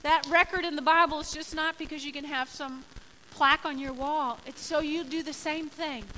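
A woman's voice: sits high, steady tone, moderate pace, sharp tone, slight background noise, poor audio. A woman pastor giving a sermon in an emphatic, conversational way, acting out the people she quotes.

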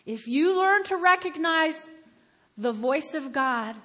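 An older woman with a high voice preaches a sermon, moving from homely storytelling to loud, emphatic appeals. Her voice rings through a big hall with a long reverb tail. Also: lively intonation, takes it slowly. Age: about 70.

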